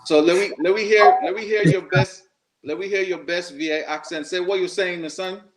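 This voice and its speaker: Easygoing podcast host, slightly high man. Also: steady tone, fairly quick, over a noisy crowd, rough recording. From Saint Croix, U.S. Virgin Islands. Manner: easygoing, full of fillers and restarts. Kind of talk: casual chat.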